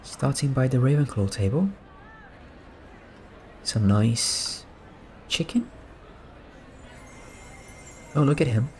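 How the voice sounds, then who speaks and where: A man giving relaxed, soft-spoken gameplay commentary, musing and amused as he points things out. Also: medium pitch, a little slow, pauses often, slight background noise. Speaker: gaming streamer.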